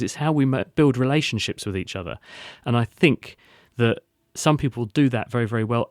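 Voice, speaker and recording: A man's voice: medium pitch, darkish tone, no echo, studio quality. A man hosting a science podcast, explaining in a string of rhetorical questions and answers.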